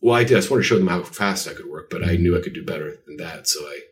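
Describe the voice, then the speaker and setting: A man's voice: low-pitched, animated, very fast, distant mic. A man being interviewed about his art, telling stories in a rambling, self-deprecating way with lots of fillers. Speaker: artist guest. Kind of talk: casual interview chat.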